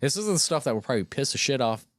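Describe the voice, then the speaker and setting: A man's voice: mid-range voice, big pitch swings, very fast, background noise. A man hosting a casual podcast with friends, ranting bluntly and with exasperation, swearing freely. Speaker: podcast host.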